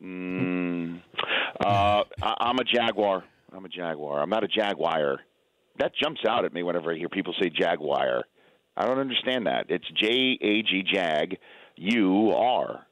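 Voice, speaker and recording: A man's voice: low-pitched, expressive, a little slow, a bit bright, no room sound, rough recording. An American man, a sports broadcaster, chatting as a radio guest in a joking, rambling way with many restarts. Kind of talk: casual radio interview chat.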